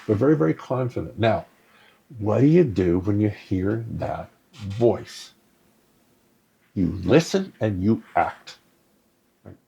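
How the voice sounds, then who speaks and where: A man's voice: on the low side, creaky, dark tone, husky. A man giving a conversational spiritual teaching on a live stream, often checking in with "right?" and answering viewer comments. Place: live stream to an online audience.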